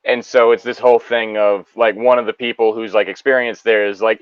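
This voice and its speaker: A man's voice: on the low side, flat delivery, brisk, clean tone, dry recording, dull audio. A man in a casual chat, rambling with many ums and likes.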